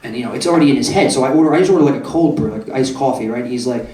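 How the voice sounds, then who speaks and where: A man's voice: medium pitch, very fast, warm tone, far from the mic. A young man doing a stand-up comedy set in a club, brash and profane, often asking the crowd "right?". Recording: roomy club echo, voice off-mic.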